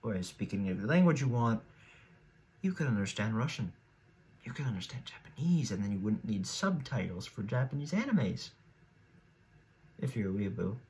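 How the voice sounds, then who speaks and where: A teen boy doing solo YouTube commentary rambles and reasons aloud, restarting often as he decides between options. His lowish, slightly mellow voice is very animated, at a moderate pace broken by long pauses.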